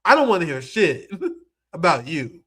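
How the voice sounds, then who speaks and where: Man, high-pitched, profane streamer, heated mocking rant. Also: very animated, measured pace, a bit bright, husky. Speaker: political streamer. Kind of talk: ranting political commentary.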